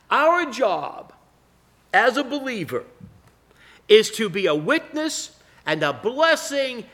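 A middle-aged man preaching a sermon as pastor, reading scripture aloud and slowing down to stress key phrases. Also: high voice, sharp tone.

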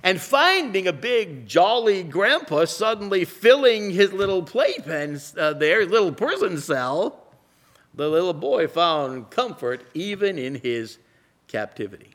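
Slow, lively preacher with a high voice. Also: male voice. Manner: slow, dramatic delivery, drops to a hush for emphasis. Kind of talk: sermon with illustrative stories.

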